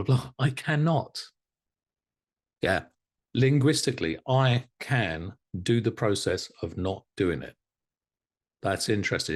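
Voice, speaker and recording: A man teaching a live online hypnotherapy class, animated and encouraging, often laughing as he talks to students. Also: sits low, husky. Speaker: hypnotherapy instructor.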